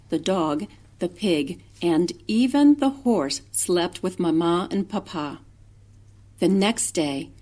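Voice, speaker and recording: A woman teacher reading a children's storybook aloud, slowly and expressively, with animal noises and character voices. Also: medium pitch, a little mellow.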